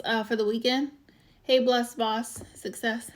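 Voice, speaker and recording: A woman's voice: fairly high pitch, steady tone, slow. A woman hosting a casual live-stream show, chatting and greeting viewers by name. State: out of breath. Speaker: waxing show host.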